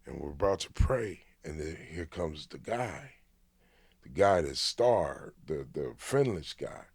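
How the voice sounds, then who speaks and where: A male comedian from Los Angeles tells a backstage story in a drawn-out, unhurried delivery. His pitch leaps around a lot, swinging from hushed to excited, and the sound is dry and close. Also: husky, no echo. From Los Angeles, USA. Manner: swears freely, swings between hushed and excited. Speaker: comedian guest. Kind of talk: animated storytelling in a podcast interview.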